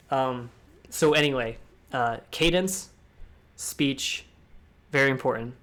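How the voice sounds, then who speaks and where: A man's voice: medium pitch, slow pace, fairly bright tone. A young man from the United States giving a casual, rambling talk on public speaking, with restarts and asides. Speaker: discord talk host.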